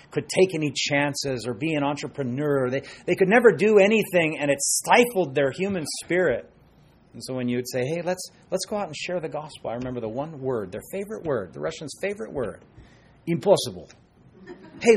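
A middle-aged male pastor preaching a sermon in an animated way, dropping into quiet asides and acting out quoted voices. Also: medium pitch, slightly rough.

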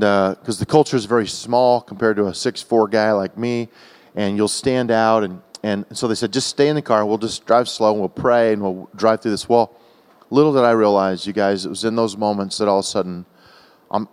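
An American man preaching a sermon to a church, telling a personal story in an emotional, animated way with frequent restarts. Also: fairly high pitch. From United States. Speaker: guest preacher. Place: large church hall. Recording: long church-hall reverb.

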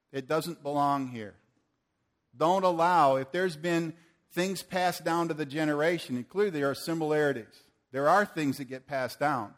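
A man preaching a sermon, swinging from forceful declarations to playful banter with volunteers he calls on stage. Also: fairly high pitch, moderate pace. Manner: rises to forceful proclamations, then playful and joking with volunteers. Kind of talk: sermon with live audience demonstration.

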